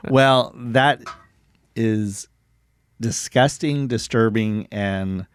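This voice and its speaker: A podcast co-host with a lowish, clear and resonant voice talks extremely slowly as he casually retells true stories. He jokes, laughs, and sometimes trips over his words.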